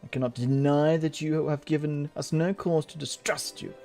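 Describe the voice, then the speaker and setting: A game player reading out a dignified noble official's lines in a measured, formal way. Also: mid-range voice, steady tone, darkish tone, faint music behind, close to an everyday voice.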